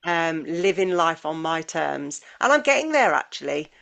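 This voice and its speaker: A woman's voice: deep voice, sing-song, moderate pace, gravelly, a bit bright. A woman in her forties co-hosting a podcast, chatting and quoting people she has met. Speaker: podcast co-host. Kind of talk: casual chat.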